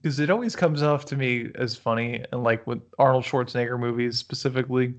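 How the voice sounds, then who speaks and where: A man's voice: medium pitch, steady tone, fast talker. A man casually recapping a movie with a friend, joking crudely and laughing often. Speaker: podcast co-host.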